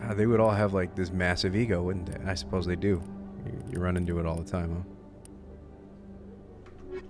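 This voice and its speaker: A man's voice: low voice, flat delivery, moderate pace, music in the background. A male streamer chatting casually, tired and a little loopy late at night, rambling as he plays. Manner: rambling, with lots of fillers and restarts. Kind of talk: casual chat.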